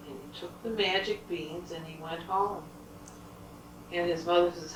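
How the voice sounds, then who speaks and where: A woman's voice: lowish voice, normal speed, slight background noise. An older woman telling fairy tales aloud to a child and asking the child questions along the way. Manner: animated, asks the listening child questions. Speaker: storyteller. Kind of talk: reading children's stories aloud. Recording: roomy, distant home recording.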